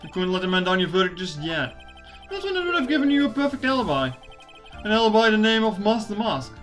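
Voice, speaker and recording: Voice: mid-range voice, sing-song, fast, a bit bright, soft background music. A streamer reading the lines of an earnest, determined young male defense lawyer from a visual novel game, at times hesitant.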